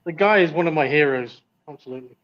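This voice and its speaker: Middle-aged man, livestream guest, rambling anecdote, lots of ums, slightly high voice, dull lo-fi sound. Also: fast talker, crowd noise. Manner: rambling storyteller, many ums. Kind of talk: casual anecdote telling.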